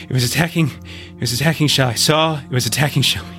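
A man voicing a gentle, panicked man running in terror, out of breath and stammering in a tabletop game. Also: medium pitch, rapid-fire, soft background music, pitched above the performer's own voice, lightly acted. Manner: breathless, stammering, repeating himself.

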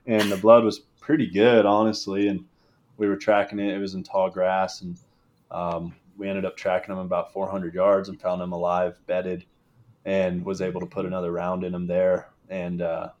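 Young man, low-pitched voice, casual, animated storyteller, laughs as he talks. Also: measured pace, dull audio, a little hiss or hum. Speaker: guest, game call maker.

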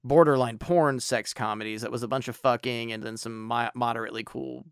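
A man co-hosting a casual movie-review podcast, profane, animated and sarcastic. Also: medium pitch, a little fast, clean tone, dry recording, studio quality. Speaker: podcast co-host.

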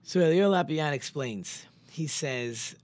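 A man retells a religious story as an informal Torah lesson. He rambles and stops to correct himself. He slows right down to press on the words that matter. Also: a little high, lively intonation, darkish tone. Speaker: religious teacher.

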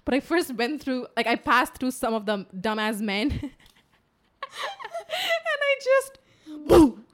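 Woman in her 20s telling stories on a chatty podcast, lots of swearing and laughing, kinda high voice. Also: takes it slowly. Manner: animated storytelling, swearing, laughing. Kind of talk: casual chat.

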